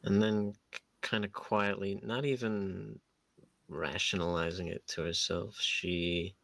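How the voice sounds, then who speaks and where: A man's voice: low voice, steady tone, slow, vocal fry, a bit bright, dry recording. A man playing a tabletop role-playing game, hesitantly describing what his character does and thinking aloud. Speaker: player.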